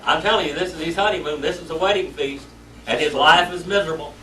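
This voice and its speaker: A fast-talking man with a slightly high voice and sharp tone teaches a lively Sunday school Bible class in a church classroom, telling the story in folksy, colloquial terms. The room echoes, the mic is distant, and faint noise is present.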